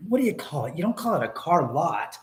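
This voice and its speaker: Male live-stream host, raised and very expressive pitch, rambling and profane. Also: quick pace. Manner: animated, profane, reads viewer comments aloud.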